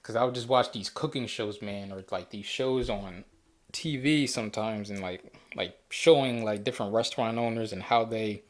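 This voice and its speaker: A man's voice: lowish voice, moderate pace. A man hosting a casual solo talk show, rambling easily with frequent restarts and fillers. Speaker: podcast host.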